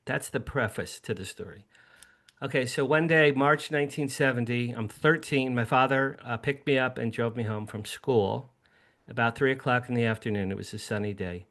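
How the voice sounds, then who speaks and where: An older man in his sixties from New Jersey recounts a memory as an interview guest, speaking over a video call from a room at home. He talks at an ordinary mid pitch, but his storytelling is animated, and he leaps upward whenever he acts out his younger self. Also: moderate pace. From New Jersey, USA. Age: 60s. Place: home room with a drum set.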